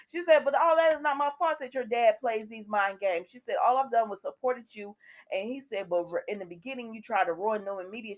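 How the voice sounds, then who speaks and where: Chatty woman recapping a soap. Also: medium pitch. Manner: chatty, retells scenes with quoted dialogue; talks directly to viewers. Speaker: soap opera recap host. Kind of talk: casual episode recap.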